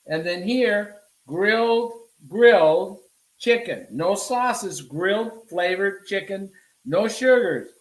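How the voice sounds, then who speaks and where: In a home kitchen, a male cooking instructor gives a casual demonstration, talking to viewers as he cooks and answering his own questions. His voice is high-pitched with a fairly bright tone, but the audio is poor and the room echoey.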